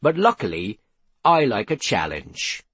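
A man reading aloud, voicing a confident gentleman in an easygoing, assured way. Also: medium pitch, big pitch swings, measured pace, husky, dry recording, heavily acted. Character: confident man, relishing a challenge.

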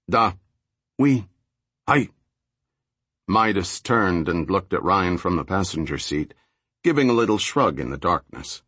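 A man reading a thriller audiobook in a steady, low-key scripted narration. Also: breathy edge, no room sound.

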